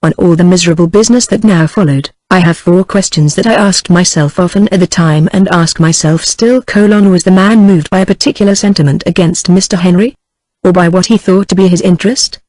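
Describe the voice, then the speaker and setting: A woman's voice: lowish voice, brisk, no room sound, rough recording. Synthetic American woman narrating a novel. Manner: even synthetic cadence. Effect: text-to-speech synthesis. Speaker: audiobook narrator. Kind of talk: text-to-speech book reading.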